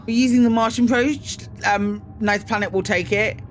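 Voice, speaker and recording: The British streamer keeps a steady tone and moderate pace in her medium-pitched voice, with faint music behind. While playing a space game she chats casually, greeting viewers in bursts, often pausing on um and making fun of herself.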